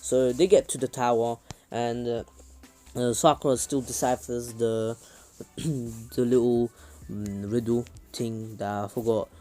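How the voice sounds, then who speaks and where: A man's voice: medium pitch, fairly even intonation, unhurried, warm tone, soft background music. A young man casually retelling a fan story, rambling with lots of fillers and restarts.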